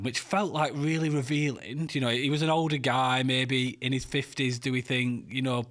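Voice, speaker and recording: Male podcast host, casual and rambling, mid-pitched voice. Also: level tone, normal speed, few pauses, a bit bright. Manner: chatty, many fillers and restarts. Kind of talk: casual interview chat.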